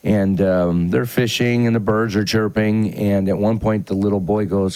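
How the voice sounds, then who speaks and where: A man's voice: on the low side, steady tone, moderate pace, hardly any pauses, darkish tone, clear, resonant tone, dry recording. A male podcast co-host in casual political chat, telling stories animatedly and agreeing often.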